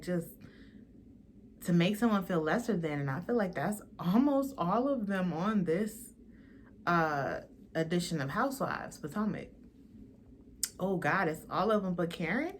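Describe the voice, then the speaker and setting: A woman's voice: lowish voice, expressive, unhurried, a little hiss or hum. A young woman hosting a casual reality TV recap, blunt and slangy, swearing freely and mimicking the cast.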